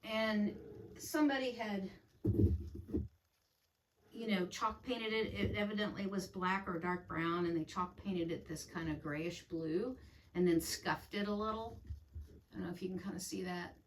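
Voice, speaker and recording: A middle-aged woman talks through her cross stitch projects in a loose, rambling way and keeps correcting herself as she goes. She sits a little back from the mic, and her voice carries a clear echo from the room. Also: medium pitch, steady tone, unhurried, pauses often, slight background noise. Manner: chatty, rambling, self-correcting. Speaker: cross stitch channel host. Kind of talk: casual crafting vlog chat. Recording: echoey room, voice a bit far from mic.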